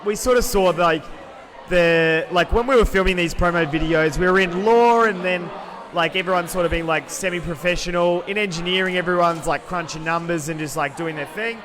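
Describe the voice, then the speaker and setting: A young Australian man co-hosting a podcast, loud and rambling, with lots of fillers and restarts. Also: high voice, fairly quick, a crowd in the background. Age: young adult. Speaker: podcast co-host. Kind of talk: casual chat.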